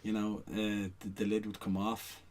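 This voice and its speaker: A man's voice: fairly low pitch, completely flat delivery, normal speed, a little mellow. A middle-aged man, a guest on a casual podcast, telling rambling anecdotes full of "you know what I mean" asides. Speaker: guest, stage performer.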